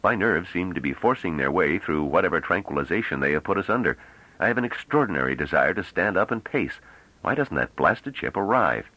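A man's voice: low voice, expressive, a little fast, pushed and bright, no room sound, exaggerated voice, low-quality recording. A man reading as a restless, sarcastic navy veteran. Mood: tense. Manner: impatient, sarcastic. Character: tense, restless male ex-navy politician. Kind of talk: audiobook character reading.

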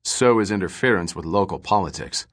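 A man's voice: low-pitched, fairly quick, fairly bright tone. A man voicing a weary, gloomy male space trader who talks in clipped, wry remarks. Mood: guarded.

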